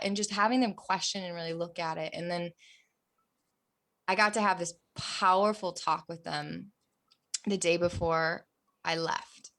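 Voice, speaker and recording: A woman's voice: lowish voice, fairly even intonation, measured pace, long pauses. A young adult woman, a podcast guest, telling a personal story in an earnest, emotional way, dropping almost to a whisper at the hardest parts. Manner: earnest, emotional, softens to near-whispers at hard moments.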